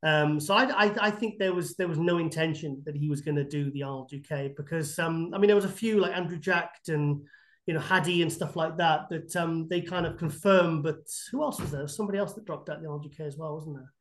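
A man with a high-pitched voice talks in a podcast interview. He rambles through lively anecdotes, restarting sentences and filling gaps with "um" and "you know.". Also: fast. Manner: animated, rambling anecdotes with many fillers and restarts. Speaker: bodybuilding guest expert.

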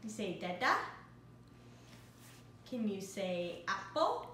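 A woman's voice: mid-range voice, expressive, slow pace. A young woman vlogging casually, coaxing her toddler in a sing-song way. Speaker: vlogger mom. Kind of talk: casual vlog chat. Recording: echoey room with faint background noise.

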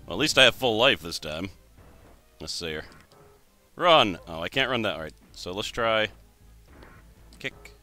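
A man's voice: fairly low pitch, lively intonation, measured pace, long pauses, pushed and bright, faint music behind. A man in his twenties giving wry gameplay commentary. He thinks aloud and jokes at his own expense. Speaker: let's play host.

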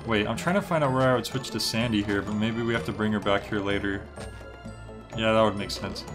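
A man's voice: on the low side, brisk, music in the background. Rambling young man streaming a game. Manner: rambling, lots of "like" fillers. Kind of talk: relaxed gameplay stream chat.

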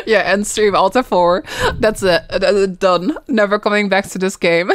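A young woman streaming a video game, reacting with loud, playful outrage and frequent yelling and laughter. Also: medium pitch, normal speed, hardly any pauses, no echo.

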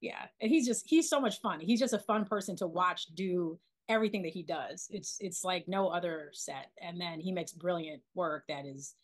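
A woman in her forties from Philadelphia, a documentary filmmaker being interviewed, talking in an animated way with many restarts and fillers. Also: on the low side, normal speed, few pauses. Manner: animated, lots of restarts and "you know". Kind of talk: casual interview storytelling.

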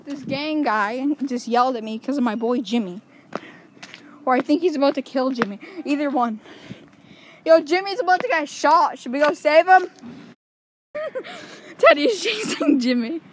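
An excitable young woman vlogging outdoors, cracking jokes and calling out loudly. Her voice sits high, with clear street noise all around. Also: a little slow, long pauses. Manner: excitable, joking, often shouting and laughing. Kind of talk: casual outdoor vlog.

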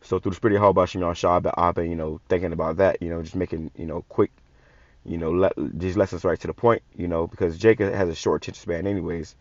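A man preaching from scripture, reading verses slowly and then commenting in blunt, profane street talk with many repeated words. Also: sits low, fairly even intonation, no room sound, muffled recording. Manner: reads verses slowly and louder. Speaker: online preacher.

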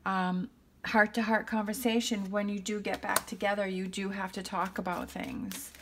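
A woman's voice: medium pitch, level tone, normal speed, noisy background. A woman giving a tarot reading to her viewers, thinking aloud in a reassuring way and often checking in with "okay?". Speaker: tarot reader.

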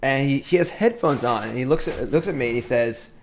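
A man's voice: mid-range voice, normal speed. A middle-aged man telling a rambling story while playing a card game on stream, often breaking off to comment on his moves. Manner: chatty, rambling, self-interrupting. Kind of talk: casual storytelling while gaming.

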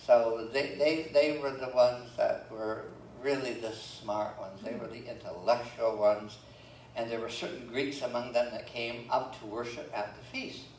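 A pastor preaches in a mid-pitched voice, reading scripture and breaking off into folksy jokes. He is picked up from some distance in a roomy church sanctuary, with a faint hum of the room behind him. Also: fairly even intonation, unhurried, a little mellow. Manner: folksy, joking asides between scripture readings. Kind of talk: sermon.

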